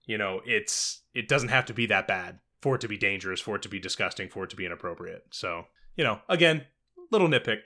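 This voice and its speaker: A man co-hosting a casual podcast about a movie, animated and profane, laughing often. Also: on the low side, fast. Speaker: podcast co-host. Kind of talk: casual film discussion.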